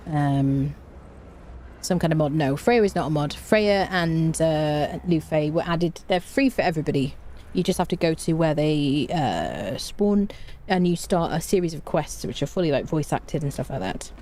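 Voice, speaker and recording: A woman's voice: low-pitched, lively intonation, moderate pace, mellow, slight background noise. A woman streaming a survival game, talking casually and mocking herself, humming between remarks. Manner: chatty and self-mocking, hums to herself. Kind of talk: casual gameplay commentary.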